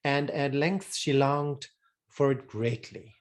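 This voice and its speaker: Male storyteller for a fairy tale reading; unhurried, deliberate, mid-range voice. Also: medium pitch, fairly even intonation. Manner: slow, measured, deliberate reading.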